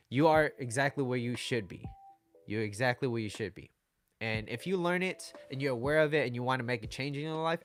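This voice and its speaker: A man's voice: mid-range voice, fairly bright tone. Man giving casual relationship advice. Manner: conversational, often checks in with "right?" and "okay?". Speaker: dating and relationship coach. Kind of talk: casual livestream talk to viewers.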